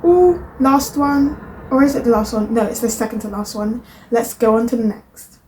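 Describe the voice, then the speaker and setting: A woman's voice: on the high side, normal speed, a little mellow, a little hiss or hum, rough recording. A young woman, chatting in rambling asides as she reacts to clips. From Britain. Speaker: reaction video host. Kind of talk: casual reaction commentary.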